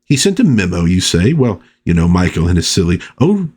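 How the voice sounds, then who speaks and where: A man's voice: sits low, very animated, brisk, a little mellow, slightly rough, exaggerated voice. A man voicing a prim, gossipy housewife chatting on the phone, fussy and chirpy.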